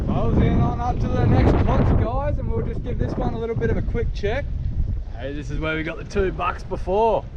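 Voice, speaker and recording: An Australian man hosting a fishing vlog from a small boat, chatting casually in an excitable, drawling, folksy way. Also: very high voice, a little fast, highs cut off, very noisy. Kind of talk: casual outdoor vlog commentary. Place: small boat on open water.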